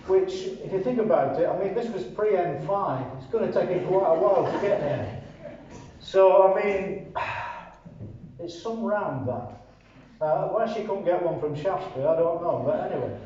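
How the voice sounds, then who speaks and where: A man's voice: high voice, mellow, a little hiss or hum. An older man from northern England giving dry, sardonic commentary and reading his own poetry. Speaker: poet and commentator. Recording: roomy, distant, muffled mic with faint ambience.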